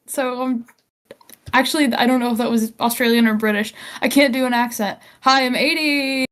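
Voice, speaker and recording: A woman's voice: fairly high pitch, steady tone, normal speed, a bit bright. A woman guest on a podcast, an animator chatting casually about her work and often restarting her sentences. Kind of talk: casual chat.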